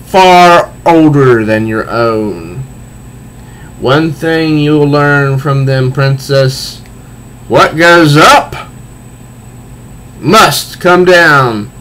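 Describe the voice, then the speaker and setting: A man voicing a boastful male clay monster villain who taunts loudly and cackles. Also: medium pitch, a little hiss or hum, poor audio.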